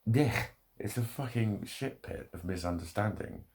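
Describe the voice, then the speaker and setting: A man talking straight to his viewers in a swearing, ranting way. His voice sits very low with a gravelly fry running through it. He keeps up the tirade with blunt, heavy cursing. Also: unhurried, darkish tone. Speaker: vlogger. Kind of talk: ranting monologue.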